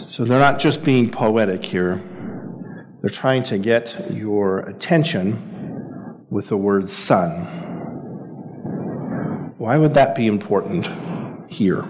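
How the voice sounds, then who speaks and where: A man's voice: fairly low pitch, slow, pauses often, a little mellow. A man leading a men's Bible study, talking conversationally and putting questions to the group. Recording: echoey hall.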